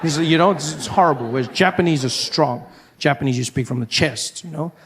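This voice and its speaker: A man from South Africa performing a stand-up comedy set on stage, animated and quick to slip into put-on voices. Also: a little high, a crowd in the background. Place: comedy stage before a live audience.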